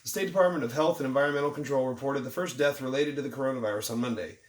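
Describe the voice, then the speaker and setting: A man's voice: mid-range voice, very fast. A man, ranting about the news in a mocking, irritated vlog with jokey asides. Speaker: vlogger. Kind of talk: sarcastic news commentary rant. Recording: roomy, distant from the mic.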